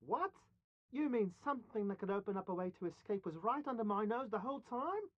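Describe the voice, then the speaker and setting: A woman voicing an exasperated, squeamish woman in a video game, talking in quick, indignant bursts. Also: mid-range voice, lively intonation, no echo, muffled recording, close to an everyday voice.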